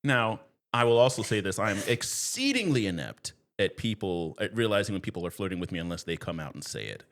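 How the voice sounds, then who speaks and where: A man guest on a podcast, telling a story in a casual, animated way and laughing as he goes. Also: lowish voice, a little fast.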